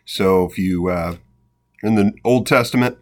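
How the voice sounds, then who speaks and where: A man reading scripture aloud in an unhurried, reflective way, pausing for short spontaneous comments and prayer. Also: lowish voice. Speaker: devotional Bible reader. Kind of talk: scripture reading with devotional asides.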